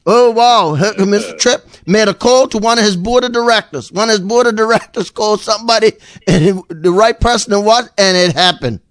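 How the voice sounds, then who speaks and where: A middle-aged man from Bermuda talks on a radio call-in show with a fairly high voice. He rambles, repeats words and tells stories with animation. The studio sound is dry and close. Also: brisk, fairly bright tone, no room sound. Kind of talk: casual radio chat.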